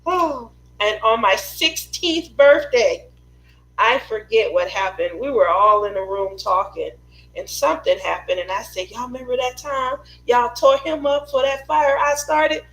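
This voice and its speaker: A woman's voice: a little high, measured pace, a bit bright, low-quality recording. A woman who hosts a craft live stream, telling family stories in a chatty way and laughing often. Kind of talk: casual storytelling chat.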